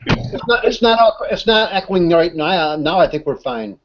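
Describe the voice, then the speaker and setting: A man's voice: sits high, expressive, a little slow, highs cut off. A man in a group video call, chatting in an easygoing, joking way. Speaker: discussion group member. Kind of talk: casual chat on a video call.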